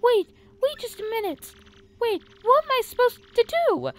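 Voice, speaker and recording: Sweet dreamy game princess, woman voicing, very high. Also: sing-song, moderate pace, exaggerated voice. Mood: flustered.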